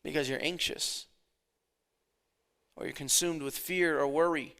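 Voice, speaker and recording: A pastor in his thirties giving a conversational sermon, dropping his voice low and then swelling for emphasis. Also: steady tone, measured pace, gravelly, sharp tone, smooth.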